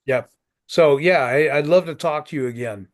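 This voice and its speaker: A man in his sixties hosts a business networking group over a video call. His voice sits a little high, and he talks in a folksy, joking way, often repeating himself. It sounds like a casual chat among regulars. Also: normal speed.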